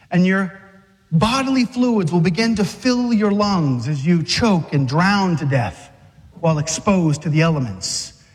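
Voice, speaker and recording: High-voiced man preaching in an echoing hall. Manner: urgent and exhorting, acting out scenes. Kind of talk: fiery sermon. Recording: long reverb of a large hall.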